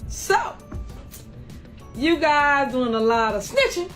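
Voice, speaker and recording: A woman speaking straight to camera as a podcast host and local official, slow, drawn-out and defiant. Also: sits high, very animated, a bit bright, soft background music. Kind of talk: direct-to-camera video address.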